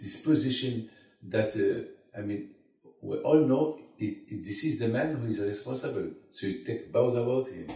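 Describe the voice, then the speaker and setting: A man's voice: on the low side, darkish tone. A man giving a Torah sermon, emphatic and full of rhetorical questions. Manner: emphatic, rhetorical questions, addresses listeners as "my friend". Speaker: rabbi. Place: community study hall. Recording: roomy, from far off the mic.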